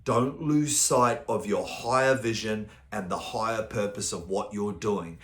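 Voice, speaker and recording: Low-voiced New man coaching. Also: measured pace, a bit bright, reverberant. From New Zealand. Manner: casual storytelling, occasional swearing. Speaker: mental performance coach. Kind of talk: motivational talk.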